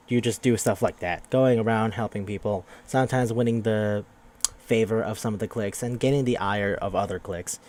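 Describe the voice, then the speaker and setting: A man's voice: on the low side, darkish tone. A man casually recapping a video game on a podcast, sarcastic and swearing, acting out the characters' lines. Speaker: podcast host.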